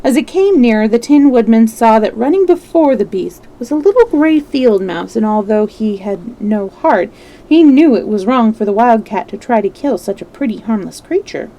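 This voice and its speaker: A woman reading a children's book aloud in a gentle way, now and then correcting a slip. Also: a little high, lively intonation, moderate pace, low-quality recording. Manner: gentle, with small slips and self-corrections. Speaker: storyteller.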